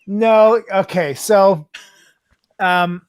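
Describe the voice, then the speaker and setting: A man's voice: high-pitched, drawn-out words, clean tone, no room sound. A man from Canada, a guest actor, telling a story on a video call, rambling with lots of fillers and breaking into laughter. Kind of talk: casual storytelling on a video chat.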